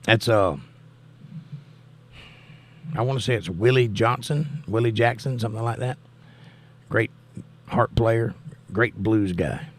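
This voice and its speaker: A man's voice: lowish voice, slow pace, pauses often. Upbeat older man hosting a live chat. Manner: upbeat, animated greetings to viewers. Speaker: host. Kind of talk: live-stream chat reading viewer comments.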